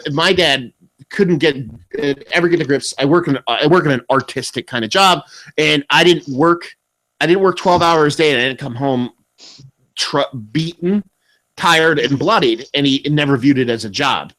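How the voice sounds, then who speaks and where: A man's voice: on the high side, normal speed. A young man with a slightly raised voice co-hosts a casual beer podcast. He rambles and curses as he tells stories, and his voice jumps up whenever he acts out other people. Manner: rambling, profane, animated storytelling. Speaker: podcast co-host. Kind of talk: casual chat.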